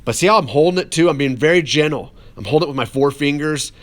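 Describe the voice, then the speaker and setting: A man's voice: a little high, animated, fast. Upbeat man teaching a pottery class. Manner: upbeat and encouraging, talks while working with hands. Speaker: art teacher. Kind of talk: casual classroom demonstration.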